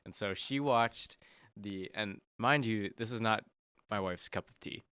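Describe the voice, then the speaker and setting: A man co-hosting a podcast, chatting in a relaxed, easygoing way. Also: fairly low pitch, unhurried, clean tone, no echo. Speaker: podcast co-host. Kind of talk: casual chat.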